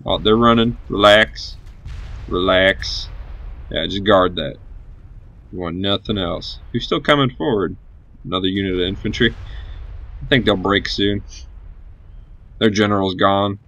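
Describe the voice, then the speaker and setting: A man's voice: deep voice, unhurried, long pauses, a bit bright. A man giving live gameplay commentary as a gaming channel host, cheering on his units and swearing casually.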